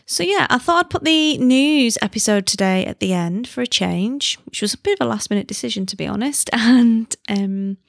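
Giddy chatty lady podcaster, gravelly fry, dry close sound. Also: a little high, expressive, moderate pace, few pauses, no room sound. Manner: chatty, giddy, rambling tangents. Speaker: podcast host. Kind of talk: casual chat.

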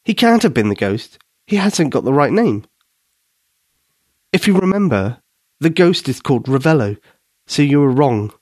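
A man's voice: on the high side, very animated, moderate pace, long pauses, darkish tone, no echo. A sulky young boy in a bedtime storybook, played by a male narrator. He sounds sheepish and a bit stubborn, and his voice moves up and down. It is close and dry.

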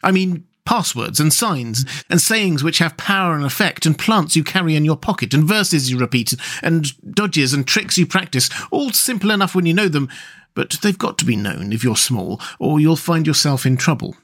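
A man's voice: on the high side, lively intonation, moderate pace, a bit bright. A man voicing a good-natured, brave male water rat who talks in a soothing, reassuring way.

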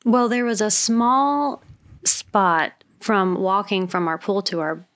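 A woman's voice: medium pitch, slow pace, a bit bright. A woman with a mild Southern US accent, co-hosting a frank podcast chat and laughing often. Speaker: podcast co-host. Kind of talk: casual chat.

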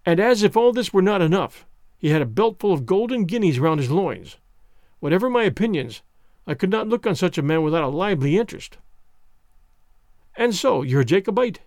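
A man narrating a classic adventure novel in the first person, expressive and storytelling. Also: high voice, a little fast, dry recording, clean studio sound. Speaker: audiobook narrator.

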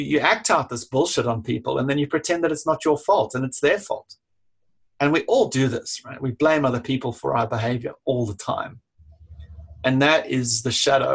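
A man's voice: mid-range voice, fairly bright tone, breathy edge. A middle-aged man, a leadership coach, talking frankly and casually, swearing freely and acting out little exchanges. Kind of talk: casual talk to camera.

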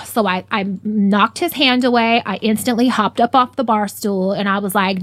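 A woman telling a personal story in casual conversation, blunt and profane, growing animated as she relives it. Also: mid-range voice, normal speed, dry recording.

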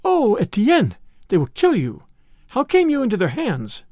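A woman's voice: mid-range voice, sing-song, moderate pace, darkish tone, no room sound, clean studio sound. A man voicing a devoted young Venetian noblewoman in an audiobook, speaking in a tender, urgent, pleading way. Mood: anguished. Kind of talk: audiobook character reading.

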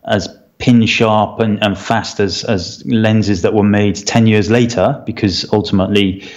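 A man's voice: on the low side, fairly even intonation, unhurried. A man co-hosting a photography podcast, explaining at length in casual chat with plenty of fillers and a firm opinion. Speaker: podcast co-host.

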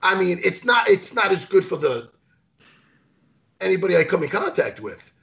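A man co-hosting a talk show, chatting casually in a rambling, animated way and swearing freely. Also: high voice, moderate pace, vocal fry, muffled recording. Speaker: podcast co-host. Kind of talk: casual chat.

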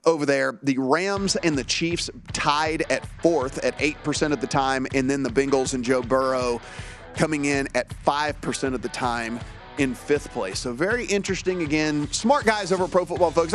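Upbeat sports-talk host, slightly high. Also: male voice, moderate pace, soft background music. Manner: upbeat, chatty, animated. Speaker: sports betting show host.

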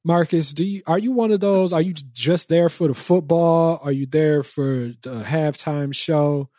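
A man's voice: fairly high pitch, normal speed, warm tone, no echo, clean studio sound. A man hosting a podcast in casual chat, teasing his co-hosts with lots of slang. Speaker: podcast host.

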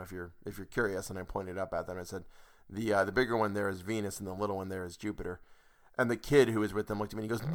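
A man narrates an audiobook in a home setup, his voice low-leaning with a fairly bright tone. Between passages he tells stories and vents exasperation at the author's punctuation and grammar.

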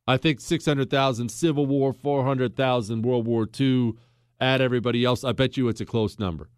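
An American man hosting a casual history talk, folksy and emphatic, with his pitch and pace swinging widely as he makes a point. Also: normal speed, darkish tone, clear, resonant tone, no echo, studio quality. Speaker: podcast host.

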